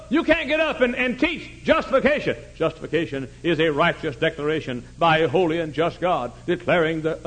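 A man preaching a sermon, telling folksy stories and swinging from quiet asides to shouting. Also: on the high side, slightly rough, poor audio. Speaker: pastor.

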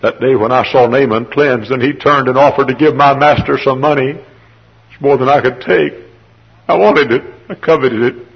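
A man's voice: mid-range voice, normal speed, vocal fry, breathy edge, pitched above the performer's own voice. A man preaching in the voice of a leprous servant and father who blames himself for his children's disease, speaking a remorseful first-person lament. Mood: anguished. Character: grieving leprous male servant, guilt-ridden father. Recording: dull lo-fi sermon recording.

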